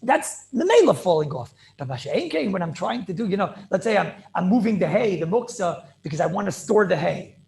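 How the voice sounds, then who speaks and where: A man, a rabbi, teaching a Talmud class over a video call in an excited, rapid way, repeating himself and asking rhetorical questions. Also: sits high, gravelly. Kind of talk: animated yeshiva-style lecture.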